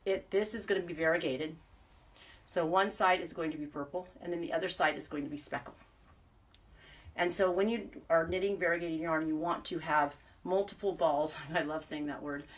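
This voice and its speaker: A woman's voice: medium pitch, sharp tone, far from the mic. A woman knitting vlogger talking in a rambling, self-mocking casual chat.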